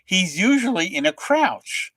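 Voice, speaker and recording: A man's voice: high-pitched, sing-song, measured pace, pushed and bright, slightly rough, dry recording. An older man, a comics writer, telling a story as a guest and acting out the voices in the quotes. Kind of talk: animated anecdote telling.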